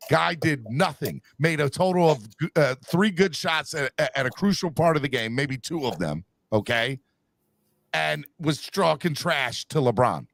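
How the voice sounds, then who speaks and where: Ranting, gravelly-voiced man, lively pitch. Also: no room sound, clean studio sound. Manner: animated, ranting, bursts into shouting. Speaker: sports podcast host. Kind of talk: heated sports talk.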